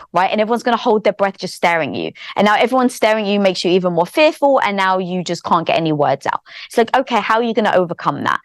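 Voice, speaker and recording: A woman guest on a podcast, telling a personal story in an animated way and acting out her inner thoughts. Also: a little high, no echo, clean studio sound. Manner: animated, acts out inner dialogue in quotes. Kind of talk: conversational storytelling.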